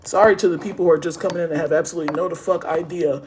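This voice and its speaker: A man's voice: on the high side, steady tone, very fast, background noise. A man from Harrisburg, Pennsylvania, ranting into his phone on a live stream, heated and profane. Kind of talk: angry live-stream rant.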